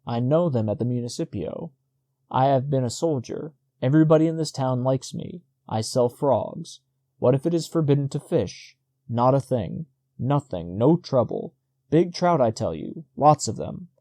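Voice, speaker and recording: A man voicing a talkative, boastful old village fisherman who speaks rapidly and insistently. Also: medium pitch, animated, dark tone, no echo, natural voice.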